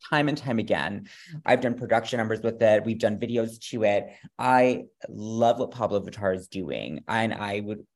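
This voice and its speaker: A man's voice: on the low side, normal speed. A man from Madison, Wisconsin, a drag performer chatting as an interview guest, gushing and campy with lots of playful slang. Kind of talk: casual interview chat.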